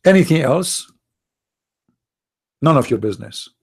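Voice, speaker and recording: A man hosting his channel in polemical talk, slow, emphatic and scornful. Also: on the high side, animated, slightly rough. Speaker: channel host.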